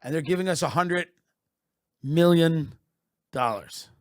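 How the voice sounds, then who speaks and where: A man doing a satirical comic monologue as a podcast host, deadpan and mock-patriotic, sometimes building into loud rants. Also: on the high side, unhurried, dry recording, clean studio sound.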